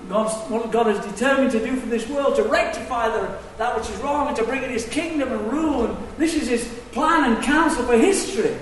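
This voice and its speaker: A man preaching a sermon, swinging between hushed asides and loud, emphatic declarations. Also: very high-pitched, fairly quick, hardly any pauses, a little hiss or hum. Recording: echoey hall, distant mic.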